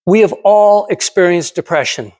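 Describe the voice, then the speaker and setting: A man in his seventies gives a prepared motivational speech to a speaking club, his voice high for a man with a darkish tone at a moderate pace. He speaks emphatically, poses rhetorical questions to the audience, and drives points home through repetition.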